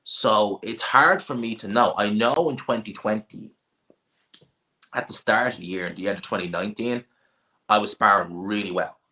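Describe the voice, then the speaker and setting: A man's voice: lowish voice, moderate pace, pushed and bright. A man with a North Dublin accent hosting a casual livestream, answering viewer questions with blunt, offhand opinions and frequent restarts. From Ireland. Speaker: livestream host.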